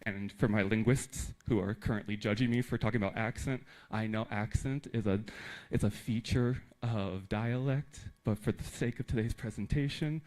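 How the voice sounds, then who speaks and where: A man from the United States giving a conference talk to teachers in a lively, emphatic way with joking asides. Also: on the low side, normal speed, poor audio. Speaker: teacher trainer.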